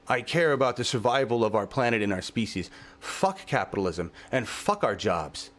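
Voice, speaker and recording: A man hosting his own channel, delivering an impassioned, profane rant outdoors in his yard, swinging between grief and shouting. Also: mid-range voice. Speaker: channel host.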